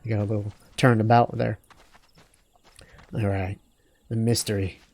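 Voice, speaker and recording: A man's voice: fairly low pitch, level tone, moderate pace, gravelly, a little mellow. A man hosting a let's play, talking through his game in a rambling, digressive, self-deprecating way. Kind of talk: casual gameplay commentary.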